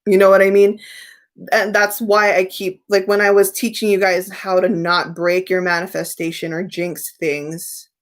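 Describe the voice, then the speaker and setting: A woman's voice: mid-range voice, level tone, normal speed. A young woman hosting a casual tarot live stream, reading out viewer questions and answering them candidly.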